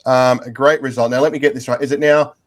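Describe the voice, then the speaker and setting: Fast-talking, bantering English-born host. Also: male voice, mid-range voice, steady tone. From England. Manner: jokey, bantering, moves quickly between questions. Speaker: podcast host. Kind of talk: casual football chat.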